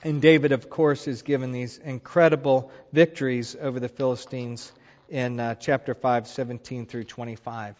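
A man teaching a Bible passage in a relaxed, conversational way, retelling the story with animated asides. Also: mid-range voice, moderate pace, big-room sound, lo-fi sound. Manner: animated, retells scripture with voiced quotes.

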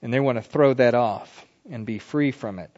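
A man's voice: mid-range voice, moderate pace, a little mellow, dull audio. A man preaching a sermon, explaining a psalm and reading scripture aloud with rising emphasis.

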